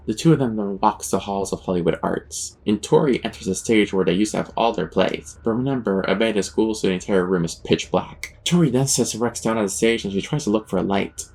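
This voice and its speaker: Gravelly low-voiced man telling a story. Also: a little fast, few pauses, a little mellow. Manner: rambling, wry asides. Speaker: YouTuber. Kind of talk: comedic storytelling commentary.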